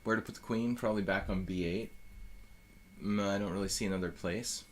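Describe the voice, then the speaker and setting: A man's voice: lowish voice, steady tone, fairly quick, a little hiss or hum. A man giving live chess commentary as a streamer, thinking aloud in a loose, rambling way full of fillers and restarts.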